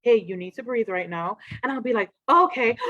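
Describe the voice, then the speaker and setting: A woman, a trauma expert, giving an animated, casual talk on a livestream and acting out quoted voices. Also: medium pitch, no echo, highs cut off.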